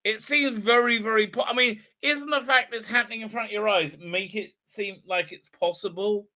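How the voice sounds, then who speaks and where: Male host, rambling exasperated review rant, high-pitched. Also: steady tone, normal speed, pushed and bright. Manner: exasperated, incredulous, full of fillers, mocking quotes. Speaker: show host reviewing an episode. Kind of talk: rambling ranting recap.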